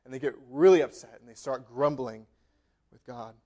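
A man's voice: medium pitch, moderate pace, warm tone. A man preaching a sermon, reading scripture aloud with emphatic, dramatic delivery. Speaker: pastor.

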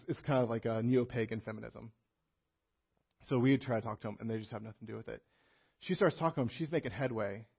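A man's voice: mid-range voice, breathy edge, muffled recording. A man preaching a sermon in a conversational way, telling a personal story with many restarts and fillers.

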